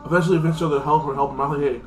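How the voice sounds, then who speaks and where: A man talks through a TV episode in a loose, rambling recap, leaning on fillers as he goes. His voice sits a little high. The room is echoey, with faint music underneath. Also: steady tone, racing. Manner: rambling, heavy with fillers like "like" and "freaking". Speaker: channel host reviewing a TV episode. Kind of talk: casual spoken episode recap.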